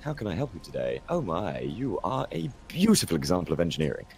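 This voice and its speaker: A man's voice: low voice, huge pitch swings, fast, gravelly, a little mellow, slight background noise, full character voice. A man with a British accent voicing a charming male ship salesman in polite, formal sales patter. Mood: courteous.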